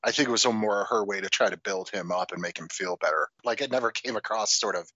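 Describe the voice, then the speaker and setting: A man's voice: lowish voice, quick pace, bright, forceful tone, no room sound, dull audio. A man talking about a film in a casual chat, swearing freely and laughing often.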